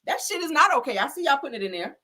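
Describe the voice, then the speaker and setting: A woman's voice: high voice, racing. A woman hosting a live stream, chatting casually and sassily with viewers, full of slang and laughter. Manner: sassy, animated, slangy, laughs often. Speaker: live-stream gossip host. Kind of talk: casual chat reacting to viewer comments.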